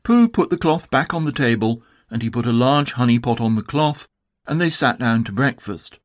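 A man narrating a children's storybook in a calm, measured, expressive way. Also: medium pitch. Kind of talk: storybook reading.

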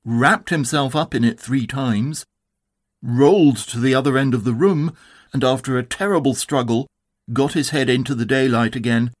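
Man reading a children's storybook. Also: medium pitch. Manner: calm, measured, expressive. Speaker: narrator.

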